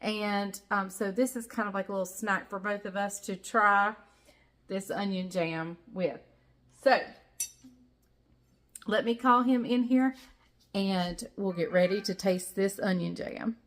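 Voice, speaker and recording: A woman's voice: medium pitch, measured pace. A woman with a Southern US accent hosting a casual home cooking vlog from her kitchen, chatty and folksy, laughing often. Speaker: cooking channel host.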